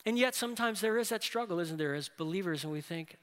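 A man preaching a sermon as pastor, earnest, often closing a point with a quick "right?". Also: sits high, animated, a bit bright, in a large hall.

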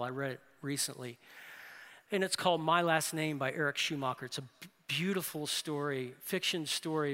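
A man preaching a sermon as pastor, earnest, often closing a point with a quick "right?". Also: on the high side, fairly bright tone, big-room sound.

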